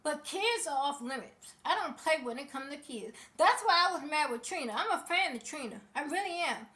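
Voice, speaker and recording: High-pitched female vlogger, heated celebrity commentary, sassy and outspoken. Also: animated, normal speed, sharp tone. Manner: passionate, sassy, speaks straight to people.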